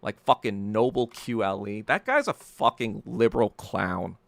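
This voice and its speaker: A man's voice: on the low side, animated, a little slow, vocal fry, dry recording. A man hosting a solo podcast, ranting heatedly and profanely, often stumbling and repeating words as he gets worked up. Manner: repeats and restarts words when agitated. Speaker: podcast host.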